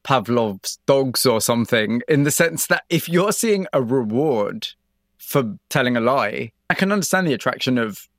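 A male interviewer asking curious, probing questions in a relaxed conversation. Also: mid-range voice, moderate pace, dry recording, clean studio sound.

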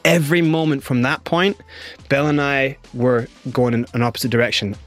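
A middle-aged man telling his own story in an interview, animated and acting out what others said. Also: medium pitch, normal speed, soft background music. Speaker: guest.

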